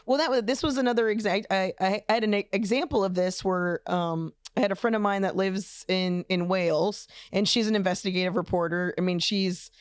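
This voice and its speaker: Female podcast co-host, smooth clear voice, halting storyteller, dry close sound. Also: mid-range voice, steady tone, no echo. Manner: halting, restarts, laughs easily. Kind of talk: casual comedic podcast chat.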